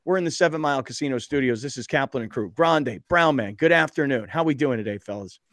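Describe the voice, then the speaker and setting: A man's voice: medium pitch, fast talker, fairly bright tone, no room sound. A man hosting a casual sports talk radio show in a studio, chatty and self-deprecating, telling stories with emphasis. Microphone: studio microphone.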